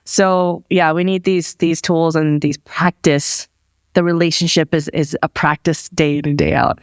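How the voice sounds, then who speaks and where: Smooth-voiced woman hosting a podcast. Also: low-pitched, a little slow, dry recording, studio quality. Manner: relaxed, candid, swears casually. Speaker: podcast host. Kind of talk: casual interview chat.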